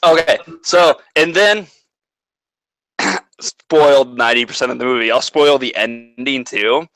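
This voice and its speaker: Man, co-host, casual chat, profane rambling recap, bright tone. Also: mid-range voice, unhurried, dry recording, low-quality recording. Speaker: podcast co-host.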